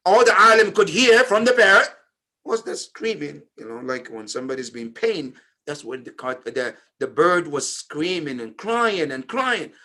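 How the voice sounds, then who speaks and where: A man telling a story in a memorial sermon, swinging between loud emphatic phrases and hushed, low ones. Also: normal speed. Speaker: speaker at a memorial majlis. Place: community center.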